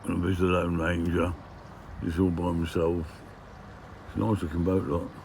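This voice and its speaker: Low-pitched and gravelly yet a little mellow, the older man speaks at normal speed with little pitch movement. He's a van life vlogger casually chatting on a handheld camera outdoors and in his van as he tours villages, muttering grumbly "eh?" asides, with a little hiss or hum present.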